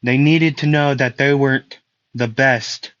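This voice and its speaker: A calm young swordsman hero, voiced by a man lays out his words slowly and firmly. The sound is dry and a little dull, like a home recording. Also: medium pitch, dry recording, pitched above the performer's own voice, natural voice. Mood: stern.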